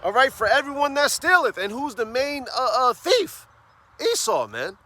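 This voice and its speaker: A man preaching on the street, fervent, tagging phrases with "man" and "all right?" and reading scripture slowly and emphatically. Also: extremely high pitch, very animated, noisy background. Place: outdoors on a city street.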